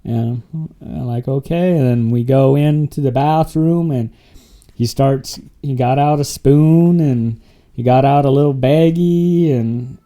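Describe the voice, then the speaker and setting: This man's voice is very dark and mellow, sitting at an ordinary pitch. He tells his story casually in a rambling way, laughing often and restarting his sentences. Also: slow pace. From Wyoming and Montana, USA. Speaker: interview guest sharing his testimony.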